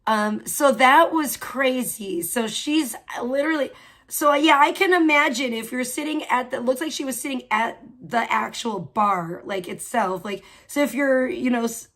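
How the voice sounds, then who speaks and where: A woman's voice: fairly high pitch, moderate pace, fairly bright tone. A woman hosting a live stream, chatting, laughing and greeting viewers as she comments on clips. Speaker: livestream host.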